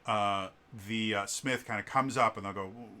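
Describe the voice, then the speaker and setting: A man's voice: on the low side, fairly even intonation, moderate pace, bright, forceful tone. A man on his vlog, casually telling a long story with lots of fillers and restarts, acting out what people said. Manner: rambling, with many fillers and restarts; acts out quoted people. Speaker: vlog host.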